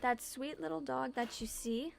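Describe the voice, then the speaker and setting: A woman's voice: sits high, normal speed, gravelly, soft background music. A young woman chatting casually in a home vlog, answering viewer questions and saying "like" a lot. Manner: chatty, heavy use of "like". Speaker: vlogger. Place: home room.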